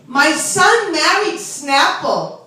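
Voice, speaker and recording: Woman putting on a shrill bragging older mother, high voice, loud and boastful, echoey room from far off. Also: sing-song, slow pace, exaggerated voice. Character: bragging older Long Island mother at beauty parlor.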